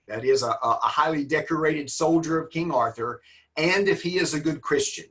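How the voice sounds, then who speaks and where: A man's voice: mid-range voice, fairly bright tone. A man, teaching a literature class online in a folksy, joking, encouraging manner.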